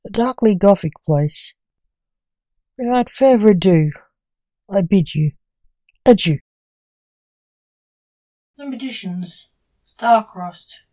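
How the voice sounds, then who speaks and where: A woman reading a story aloud for her own podcast, measured and deliberate. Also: mid-range voice, lively intonation, dark tone, far from the mic, rough recording.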